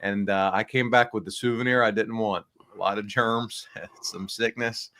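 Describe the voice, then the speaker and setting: Male podcast host, deep-ish voice, nasal and congested, loose upbeat rambling delivery. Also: steady tone, moderate pace, pushed and bright. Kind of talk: casual podcast chat. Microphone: small backup microphone.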